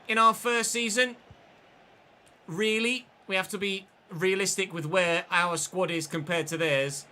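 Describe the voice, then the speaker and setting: Sweary high-voiced gaming streamer. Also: male voice, sharp tone. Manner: sweary, chatty, answering chat mid-game. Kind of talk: livestream gameplay commentary.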